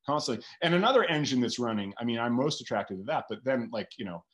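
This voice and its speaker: Animated man thinking aloud. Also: medium pitch, quick pace. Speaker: guest author. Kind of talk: casual interview chat.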